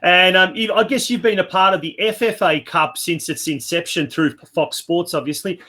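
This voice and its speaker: Male podcast host, slightly high voice, rambling question delivery. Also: normal speed, bright, forceful tone. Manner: rambling, repeats himself while asking. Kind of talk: interview questions.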